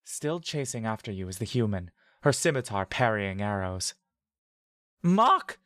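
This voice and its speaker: A man reading a scripted second-person fantasy story in a steady, vivid storytelling manner. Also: lowish voice, moderate pace, dry recording, studio quality. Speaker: narrator.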